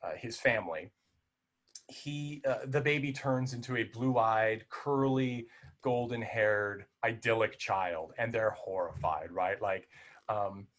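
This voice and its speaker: A man's voice: on the low side, slow pace, a bit bright. A man co-hosting a film podcast, talking casually and with animation, full of restarts and fillers. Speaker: podcast co-host.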